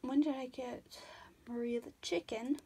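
Young woman with a high, cartoony voice, tired and rambling, self-deprecating, stammers while narrating a drawing. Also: steady tone, unhurried, dark tone, breathy edge. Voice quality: cartoony put-on voice. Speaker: drawing tutorial vlogger. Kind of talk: casual drawing commentary.

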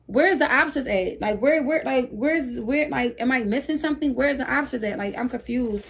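A woman's voice: high-pitched, moderate pace, vocal fry, slight background noise. A young woman hosting a livestream, swearing and scolding her viewers while begging them for gifts. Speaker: livestream host. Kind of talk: casual livestream talk.

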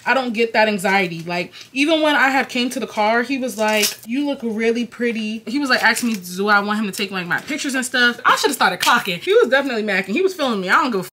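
A young woman, a YouTuber, telling a slangy, animated storytime in a casual vlog. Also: on the high side, quick pace, few pauses, a little hiss or hum. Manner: slangy, animated, quotes others in her own voice.

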